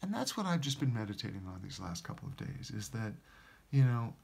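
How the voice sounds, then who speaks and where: A man giving a church devotional message, earnest and halting, often repeating words as he reads a story aloud. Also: on the low side, big pitch swings, vocal fry, darkish tone, breathy edge. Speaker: church minister.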